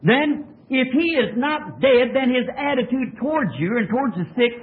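A man's voice: very high-pitched, lively intonation, normal speed. A man preaching a sermon in a church, asking the congregation questions and pressing his points emphatically. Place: church tabernacle. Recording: tinny lo-fi old tape.

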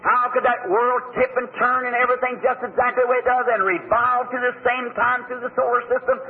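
Male preacher, very high-pitched, fervent and plain-spoken; tinny phone-like old recording. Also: level tone, brisk. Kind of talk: sermon.

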